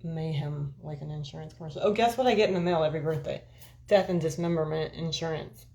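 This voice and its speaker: A woman's voice: low voice, fast, gravelly, dark tone, slight background noise. A woman hosting a live stream, chatting with viewers in a rambling, candid and profane way. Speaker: livestream host chatting with viewers. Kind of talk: casual chat.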